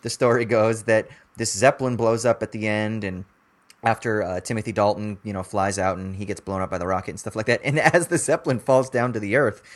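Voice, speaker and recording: A man from the Los Angeles area co-hosting a podcast, talking about a film in an animated way, laughing and swearing casually. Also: fairly low pitch, a little fast. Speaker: podcast co-host.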